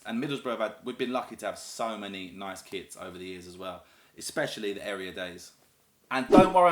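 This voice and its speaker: A man's voice: lowish voice, fairly bright tone. Casual vlogger: man in his thirties, southern English accent, enthusiastic and rambling, recorded in a roomy space. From North East England, raised in the south of England. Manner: chatty, rambling and enthusiastic, lots of fillers. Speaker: YouTuber. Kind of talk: casual chat to camera. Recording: echoey room.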